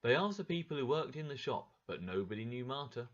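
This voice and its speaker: A man narrating a graded story for English learners in a clear, expressive way. His pitch moves a lot, rising and falling. The recording sounds slightly dull and lo-fi. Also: a little fast.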